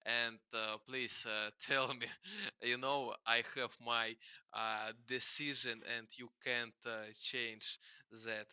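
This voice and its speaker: A man chatting casually with hesitant, halting speech full of fillers and repeats. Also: mid-range voice, little pitch movement, pushed and bright, clear, resonant tone, no echo. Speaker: host questioning a chatbot. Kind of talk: casual chat.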